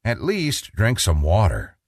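A man's voice: lowish voice, wildly swooping pitch, a little slow, dry recording, clean studio sound, voice pushed down, heavily acted. A man voicing a patient mother pleading with her picky son, in a sing-song storybook manner. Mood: coaxing.

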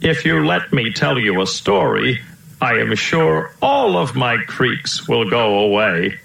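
A man voicing a gentle, creaky old uncle elephant in a storybook, slow and sighing. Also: mid-range voice, very animated, heavily acted. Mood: contented, tired. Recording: roomy echo.

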